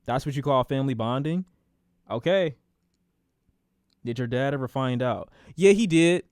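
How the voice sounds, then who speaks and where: A man streaming a casual storytime, talking in an animated, profane way and acting out the voices of the people in his story. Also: mid-range voice, normal speed, no echo, clean studio sound.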